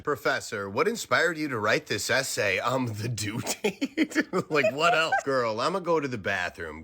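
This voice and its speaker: Man, casual joke delivery, laughs at his own lines, bright and animated. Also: medium pitch. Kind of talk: reading comic one-liners.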